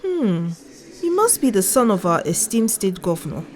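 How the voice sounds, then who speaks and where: A woman's voice: medium pitch, sing-song, moderate pace, darkish tone, close to an everyday voice. A woman voicing a bald male customs officer who grumbles and needles a traveller. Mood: grumbling scornful. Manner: grumbling, needling, then flaring up.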